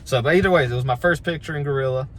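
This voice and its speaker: A man's voice: mid-range voice, very fast. A man with an ordinary mid-range voice spins a casual, rambling yarn about his wrestling days, self-deprecating and easygoing. He restarts sentences as he goes, and a faint noise sits behind him. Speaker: pro wrestler telling a story. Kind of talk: casual storytelling.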